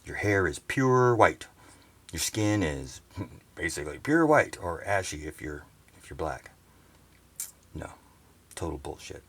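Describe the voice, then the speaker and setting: A man's voice: sits low, very animated, unhurried, pauses often, fairly bright tone, slightly rough. A man ranting profanely and rambling indignantly on a sailboat, into a camera he has set down. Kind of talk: casual vlog rant. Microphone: handheld camera set down nearby.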